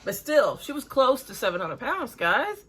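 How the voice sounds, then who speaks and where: Blunt, breathy woman in her forties. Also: on the high side, sing-song, moderate pace, a bit bright. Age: 40s. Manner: blunt, critical, chatty. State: breathing hard. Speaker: reaction video host. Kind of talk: casual reaction commentary.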